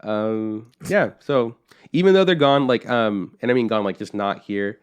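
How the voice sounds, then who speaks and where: With a measured pace and a voice on the low side, recorded cleanly, a young man co-hosts a podcast. His casual story rambles, he swears freely, and he acts out the things his family said.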